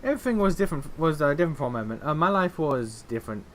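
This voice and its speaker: A man voicing a tearful young woman from a game who speaks haltingly of her guilt. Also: a little high, lively intonation, a bit bright, a little hiss or hum. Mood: wistful. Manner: faltering, wistful.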